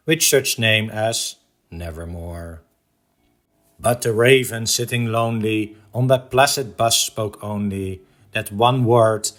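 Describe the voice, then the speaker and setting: A man lecturing on a poem, reciting its verses in a measured, deliberate dramatic reading and explaining them in a teacherly way. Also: lowish voice. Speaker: art lecturer.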